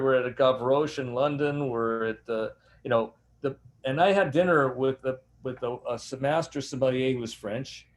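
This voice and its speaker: An older man, a winemaker and master sommelier, telling rambling, animated stories in an interview. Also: mid-range voice. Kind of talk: anecdotal interview storytelling.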